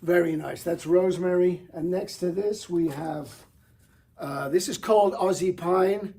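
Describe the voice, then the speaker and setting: A man's voice: high voice, unhurried, warm tone, breathy edge. A middle-aged man presenting flowers with enthusiasm, chatty, with fillers and small restarts. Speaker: florist presenter. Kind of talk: product showcase demonstration.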